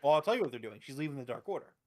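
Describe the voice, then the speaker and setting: A man's voice: mid-range voice, expressive, rapid-fire, no echo. A man co-hosting a casual wrestling review chat, arguing his point emphatically and packing his talk with "like". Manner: emphatic, argumentative, heavy use of "like". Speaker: podcast co-host.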